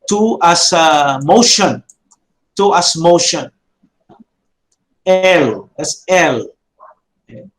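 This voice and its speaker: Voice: mid-range voice, poor audio. A teacher with a Filipino accent giving a classroom lecture, repeating words and checking in with "okay?" and "no?", slipping into Tagalog now and then. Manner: mixes English with Tagalog. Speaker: Hebrew teacher.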